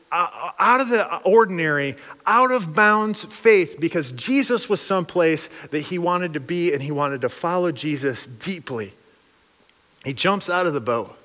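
A man's voice: a little high, fairly bright tone, big-room sound. A man preaching a sermon in a casual, slangy way, acting out voices of the people he talks about. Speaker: pastor.

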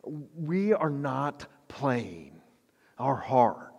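Animated preacher in a reverberant hall. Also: male voice, mid-range voice, drawn-out words, gravelly, slightly rough. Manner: animated storytelling with self-deprecating humor. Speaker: pastor. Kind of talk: sermon.

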